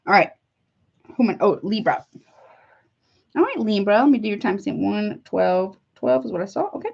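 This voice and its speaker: Heartfelt, chatty woman tarot reader, middle-pitched voice, slightly dull lo-fi sound. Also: animated, normal speed, creaky, long pauses, a little mellow, husky. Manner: chatty, heartfelt, calls listeners honey. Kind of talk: casual tarot reading to viewers.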